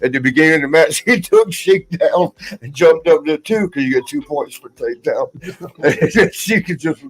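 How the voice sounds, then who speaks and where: A man's voice: a little high, lively intonation, normal speed, rough recording. Laughing older man telling rambling stories. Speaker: podcast host, former wrestler. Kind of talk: casual chat.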